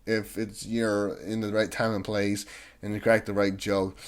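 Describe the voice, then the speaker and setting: Young man, lowish voice, casual vlog rant, rambling, irritated. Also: level tone, a little slow. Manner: rambling, many restarts and "like" fillers, irritated. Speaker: vlogger. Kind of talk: casual ranting monologue.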